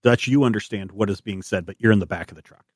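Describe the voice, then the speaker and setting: A man's voice: fairly low pitch, fast, no echo, clean studio sound. A man narrating a tabletop game as game master in a loose, rambling way.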